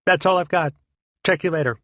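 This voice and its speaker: A man voicing a cheerful young woman comedian in an audiobook, sweet and gently teasing. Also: a little high, a little fast, no echo, voice pushed up, lightly acted. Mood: breezy. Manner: sweet and cutesy, mildly teasing. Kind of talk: audiobook character voice.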